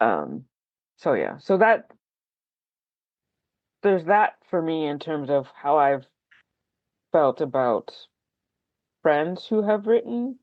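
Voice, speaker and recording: A candid writer rambles through a casual podcast chat, dotting every thought with likes and ums and gently putting themselves down. The sound is dull and lo-fi, with a dry room that gives back no echo. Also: medium pitch, sing-song, slow pace, pauses often. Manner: self-deprecating. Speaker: podcast guest, fellow writer.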